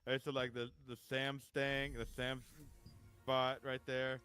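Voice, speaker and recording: A man's voice: mid-range voice, monotone, a little slow, pushed and bright, smooth, soft background music. A man chatting casually while gaming, telling a funny story and laughing often as he acts out a friend's lines. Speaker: gaming streamer.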